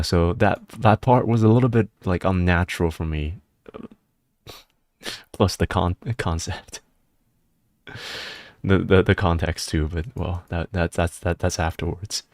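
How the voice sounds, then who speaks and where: Male streamer, very low voice, loose rambling chat, close dry mic. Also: no echo. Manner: excitable, rambling, breaks into laughter and high-pitched disbelief. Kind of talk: casual live-stream chat.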